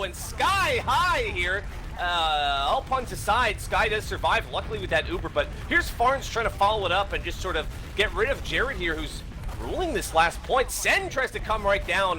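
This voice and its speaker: Lively, bright-voiced male game caster. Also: sits high, a little hiss or hum. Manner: jokey, lively play-by-play with asides. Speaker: esports caster. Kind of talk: play-by-play commentary.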